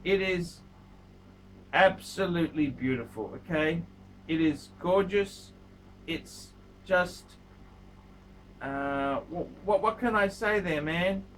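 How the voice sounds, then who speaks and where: A man's voice: on the high side, slow pace, pauses often, a little hiss or hum, low-quality recording. A man hosting his own video channel, giving a blunt, scolding watch review and repeating himself for emphasis. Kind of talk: casual video review monologue.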